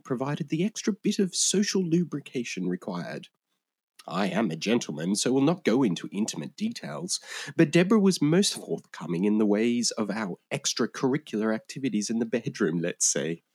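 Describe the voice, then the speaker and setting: Husky man reading in a pompous posh voice. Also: on the low side, a little mellow, no room sound. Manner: pompous, mock-genteel delivery. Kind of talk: comic reading in a posh, formal voice.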